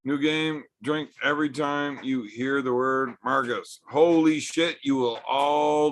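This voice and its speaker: A man's voice: medium pitch, steady tone, slow, few pauses. A man hosting a casual livestream from home, bantering with chat in a joking, profane way. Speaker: livestream host.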